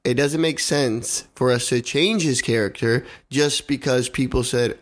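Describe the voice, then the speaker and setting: A man's voice: mid-range voice, a little slow. A young man in a casual podcast chat, talking heatedly, swearing and repeating himself for emphasis.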